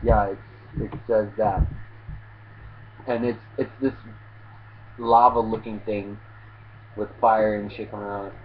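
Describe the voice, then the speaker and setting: A man's voice: lowish voice, flat delivery, takes it slowly, long pauses, slight background noise. A young man giving a laid-back manga chapter review, often swearing and restarting his sentences. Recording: tinny phone-like lo-fi audio.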